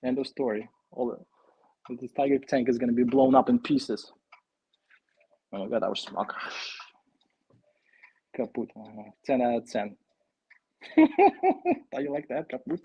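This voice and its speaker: A man hosting a casual live stream, chatting excitedly and thinking aloud while he builds a toy kit. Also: medium pitch, unhurried, long pauses, breathy edge, dull audio.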